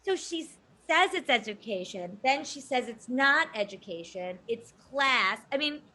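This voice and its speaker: A woman's voice: sits high, animated, measured pace, bright, forceful tone. A woman co-hosting a casual podcast chat, talking in an emphatic, indignant way. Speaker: podcast co-host.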